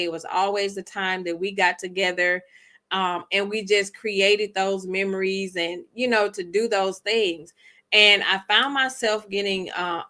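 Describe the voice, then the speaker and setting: A woman's voice: mid-range voice, sharp tone. A woman chatting heartfelt and reflective on her vlog, with many ums. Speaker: vlogger. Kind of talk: casual chat.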